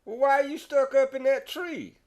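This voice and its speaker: A Texas man playing a sly redneck neighbor. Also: normal speed. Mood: smug. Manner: drawling, smug, raised and louder pitch. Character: sly redneck neighbor who tricks his friend.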